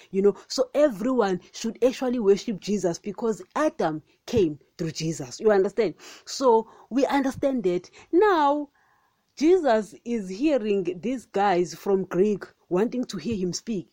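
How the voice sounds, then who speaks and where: A woman's voice: mid-range voice, dark tone, dry recording. A woman hosting a podcast, giving a casual, rambling Bible talk, with many fillers, rhetorical questions, and frequent calls to listeners as guys. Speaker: podcast host. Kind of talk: casual Bible teaching monologue.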